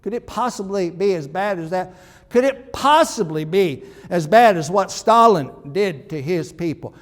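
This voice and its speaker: Male pastor, sermon delivery, conversational but emphatic, higher-pitched voice, echoing sanctuary. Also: animated, a little slow. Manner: conversational, emphatic, with frequent restarts.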